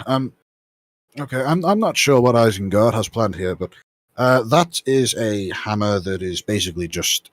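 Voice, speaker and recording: A man's voice: on the low side, no echo. Man doing a weary, bookish engineer. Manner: hesitant, sighing, polite.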